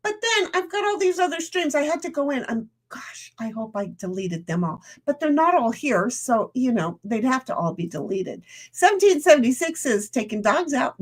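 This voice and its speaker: Casual streamer woman, high voice, rambling chat, reads comments out, eats while talking. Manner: talks while eating.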